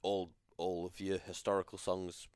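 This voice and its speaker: A man's voice: low-pitched, flat delivery, normal speed, a little mellow, clear, resonant tone, no echo, studio quality. A man co-hosting a podcast, chatting casually with laid-back short replies. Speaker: podcast co-host. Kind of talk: casual chat.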